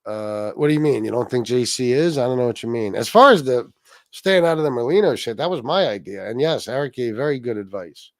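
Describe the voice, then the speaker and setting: Male livestream host, rambling and profane, mid pitch, dry room. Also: expressive, brisk, no echo. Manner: rambling, swearing, reads chat aloud. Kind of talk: casual profane livestream chat.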